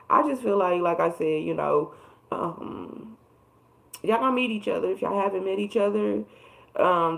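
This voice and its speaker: Gravelly-voiced woman giving a tarot reading. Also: on the low side, low-quality recording. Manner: emphatic, profane, repeats phrases for emphasis. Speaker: tarot reader. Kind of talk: casual tarot reading livestream.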